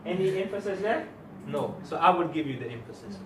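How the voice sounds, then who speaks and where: A man's voice: a little high, lively intonation, brisk, fairly bright tone, recorded from a distance, slight background noise. Emphatic man teaching in an echoey room. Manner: emphatic, quizzes students with rhetorical questions. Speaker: Islamic teacher. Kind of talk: classroom religious lesson. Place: classroom or hall with students. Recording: echoey room recorded from afar.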